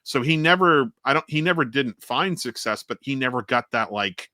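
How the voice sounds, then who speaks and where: Man, podcast co-host, rambling storyteller, bright voice, dry room. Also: medium pitch, a little fast, hardly any pauses, no echo. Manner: rambling, animated storyteller with profanity. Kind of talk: casual chat.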